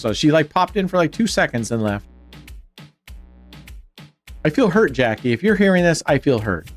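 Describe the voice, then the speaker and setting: Male stream host, upbeat teasing banter, a bit high-pitched, soft music bed. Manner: joking, teasing banter with chat. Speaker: livestream host. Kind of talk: casual livestream chat.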